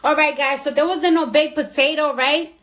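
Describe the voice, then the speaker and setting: Brief: high-pitched woman hosting a casual home livestream, crisp bright voice, swears freely while venting. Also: normal speed. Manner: profane, animated complaining. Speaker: livestream host.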